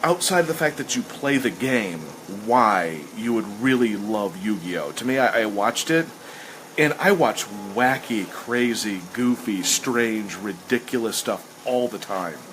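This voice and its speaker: A man's voice: on the low side, animated, unhurried, a bit bright, a little hiss or hum, poor audio. A man hosting a casual chat, rambling with enthusiasm and acting out lines he quotes. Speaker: host. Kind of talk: casual chat while sketching.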